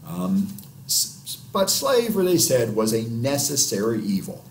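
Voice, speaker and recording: A male history lecturer giving an unscripted class lecture, with many filler pauses. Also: medium pitch, huge pitch swings, a little hiss or hum. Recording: roomy echo, mic at a distance, faint ambience.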